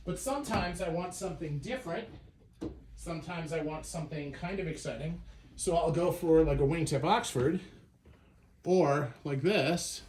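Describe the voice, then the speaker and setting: A man's voice: on the high side, normal speed, darkish tone, slight background noise. A man hosting a casual show-and-tell vlog, talking in a loose conversational way with frequent fillers and restarts. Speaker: shoe collector and channel host.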